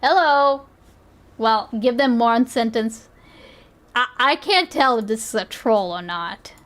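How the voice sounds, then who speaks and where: A woman's voice: a little high, takes it slowly, fairly bright tone. A woman streamer reacting live to videos, giggly and rambling, with lots of fillers.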